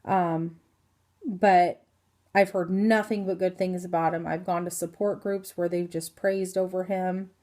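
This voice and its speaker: A woman's voice: fairly low pitch, fairly even intonation, a little slow, a little mellow. A woman in her thirties from Indiana giving a rambling, casual health update to her phone camera, full of ums and self-corrections. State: hiccups. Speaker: vlogger.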